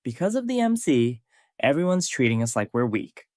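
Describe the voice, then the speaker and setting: A man's voice: medium pitch, very animated, normal speed, darkish tone, no echo, studio quality, close to an everyday voice. A man voicing a tough young male brawler who talks in a menacing growl.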